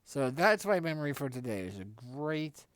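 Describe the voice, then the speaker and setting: A man's voice: mid-range voice, moderate pace, no room sound. A man hosting a live stream, telling a casual, rambling story and correcting himself often. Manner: rambling, self-correcting, animated when quoting others.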